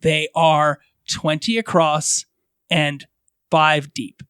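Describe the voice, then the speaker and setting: A man's voice: on the high side, little pitch movement, extremely slow, fairly bright tone, clear, resonant tone, dry recording, studio quality. A man co-hosting a casual fan podcast, carefully tallying figures and explaining them at length. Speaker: podcast co-host.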